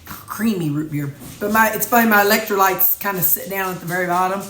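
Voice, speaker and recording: A woman's voice: medium pitch, brisk, fairly bright tone, reverberant, soft background music. A woman with a Missouri accent, chatting casually and rambling folksy as she vlogs from her home kitchen. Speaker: vlogger. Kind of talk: casual chat.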